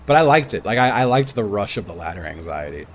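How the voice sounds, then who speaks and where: Man, low voice, animated, casual gaming chat, laughs and swears, faint noise behind. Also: quick pace. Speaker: streamer.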